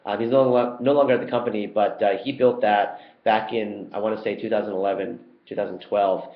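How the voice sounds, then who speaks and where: A young man answering community questions in a relaxed, chatty way, with frequent ums and uhs. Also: fairly low pitch, brisk. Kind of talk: casual Q&A video. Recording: roomy, dull lo-fi sound.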